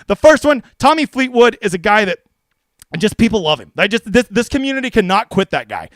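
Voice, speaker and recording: A man doing casual livestream commentary with a brash, jokey edge and plenty of swearing. He talks fast in a fairly high voice and gets excitable. The sound is dry and close. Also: no room sound. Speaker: fantasy golf streamer.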